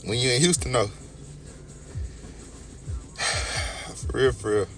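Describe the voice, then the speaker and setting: A man's voice: medium pitch, takes it slowly, over music. A young man with a Texas accent, just woken up, chatting casually with his livestream viewers and greeting them by name. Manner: laid-back, talks to chat by name. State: just woke up, sipping coffee.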